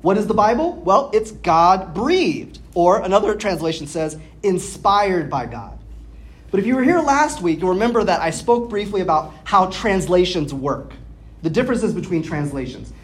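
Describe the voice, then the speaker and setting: A woman preacher giving a teaching sermon, explaining things step by step, asking her listeners questions and sounding out Greek words slowly. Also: on the low side, very animated. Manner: explanatory, asks the audience questions. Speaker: pastor.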